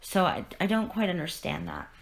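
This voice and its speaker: A woman hosts a casual comic podcast in a fairly low voice. She retells the story earnestly and emotionally, often restarting her sentences. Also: expressive, moderate pace, gravelly. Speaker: podcast host.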